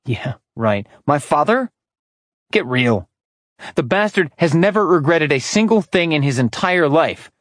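Male narrator voicing a bitter, grieving immortal: higher, louder, husky, sharp. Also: very animated, a little slow, no room sound, clean studio sound. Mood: angry. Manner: snarling, sharp, raised. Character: furious grieving immortal man, bitter, hot-tempered.

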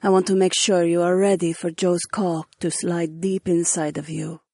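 A man putting on a soft, coaxing young princess. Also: high-pitched, flat delivery, normal speed, creaky, dry recording, studio quality, pitched above the performer's own voice. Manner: soft, coaxing, asks permission. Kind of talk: audiobook character voice.

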